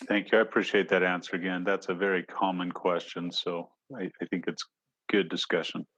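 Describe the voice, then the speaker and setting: A man's voice: sits low, level tone, fairly quick, fairly bright tone, slight background noise, poor audio. A man on an advisory council asking an official questions at a public meeting in an earnest, conversational way.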